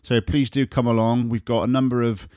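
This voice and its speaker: A man's voice: medium pitch, brisk, dry recording, studio quality. A man from England hosting a football podcast, talking casually with many fillers. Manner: relaxed, filler-heavy delivery. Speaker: podcast host.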